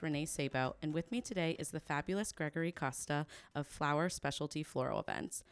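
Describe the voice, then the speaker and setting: Low-voiced woman podcast host. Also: clear, resonant tone, dry recording. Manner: warm, encouraging, laughs often. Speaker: podcast host, wedding planner. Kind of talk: podcast interview.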